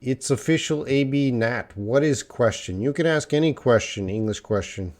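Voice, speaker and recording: A man's voice: mid-range voice, moderate pace, darkish tone. A man teaching a live English lesson, chatting with viewers and answering their questions with playful teasing.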